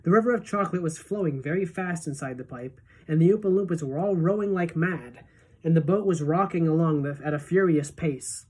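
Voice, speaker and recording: A woman teacher reading a children's novel aloud to her class in a steady, even storytelling voice. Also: low voice, brisk, slightly rough.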